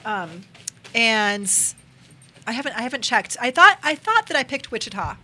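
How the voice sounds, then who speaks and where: A woman co-hosting a radio talk show, chatting casually with quick, teasing remarks. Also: a little high, sing-song, sharp tone. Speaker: radio co-host. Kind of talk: casual chat.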